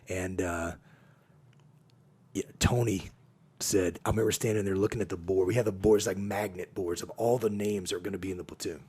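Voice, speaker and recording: Male podcast guest, husky lower voice, lively storyteller who acts out quotes. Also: normal speed, pauses often. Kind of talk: casual storytelling conversation.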